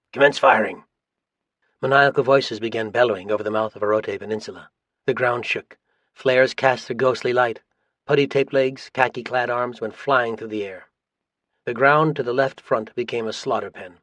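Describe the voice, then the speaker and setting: This audiobook features a male narrator calmly and evenly reading a scripted account of military history. His pitch is moderate, and the sound is close-miked and dry, free of any room sound.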